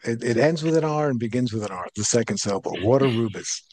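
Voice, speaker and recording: A man's voice: mid-range voice, lively intonation, quick pace, darkish tone. A man with a Rhode Island accent interviews a guest in an earnest, admiring manner. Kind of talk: interview conversation.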